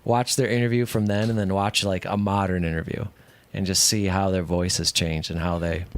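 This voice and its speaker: A man's voice: deep voice, level tone, brisk. A man co-hosting a casual show, rambling and musing between frequent laughs. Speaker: co-host. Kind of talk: casual chat.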